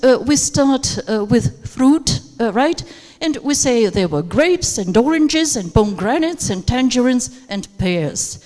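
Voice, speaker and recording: In a reverberant recording from a conference room with an audience, a female teacher trainer leads a live teachers' workshop. She sounds hesitant, using many fillers while encouraging participants to take turns, and her voice sits high with a dark tone.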